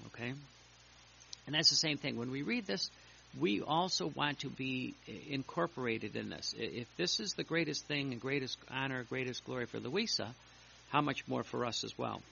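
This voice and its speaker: Man, sermon, earnest, halting, dull lo-fi recording, faint hiss. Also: medium pitch, gravelly, pushed and bright. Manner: earnest, halting, with many fillers and restarts. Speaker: preacher. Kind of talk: sermon reading and explaining devotional texts.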